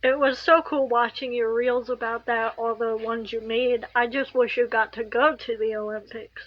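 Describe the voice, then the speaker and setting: A woman's voice: fairly high pitch, fairly even intonation, normal speed, dull audio. A woman hosting a podcast interview, asking friendly, hesitant questions with fillers. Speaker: podcast host. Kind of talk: casual interview.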